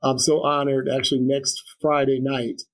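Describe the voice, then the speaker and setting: A man's voice: medium pitch, flat delivery, moderate pace, rough recording. Earnest, reflective man in an interview. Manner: earnest, reflective, many restarts and fillers. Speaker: guest. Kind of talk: conversational interview.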